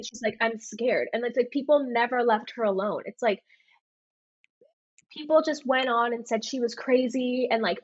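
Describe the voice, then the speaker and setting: A young woman talks through a story in a casual podcast chat, scattering "like" through every sentence. Her voice sits a bit high and sounds husky, and the recording is dull and dry. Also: no echo. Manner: animated storytelling with many "like" fillers. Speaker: podcast co-host.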